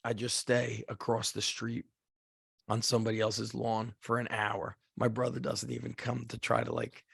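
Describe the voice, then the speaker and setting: A man spins a casual podcast story, animated and chatty, leaning on "like" as he acts out the shouting in it. His voice has a gravelly fry. The sound is dry and close, with no room around it. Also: mid-range voice, normal speed, no room sound. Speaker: podcast host.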